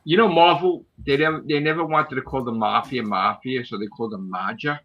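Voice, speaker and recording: A man co-hosting a casual fan podcast, talking in a blunt, animated way and swearing often. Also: medium pitch, fairly quick. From Italian heritage. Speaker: podcast co-host. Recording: muffled lo-fi audio.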